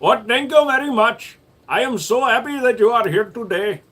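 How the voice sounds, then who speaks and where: This is a gushing, overly polite cheerful character that a man puts on in a live stream. The voice jumps far above his natural pitch and sounds bright and eager. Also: moderate pace. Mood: cheery.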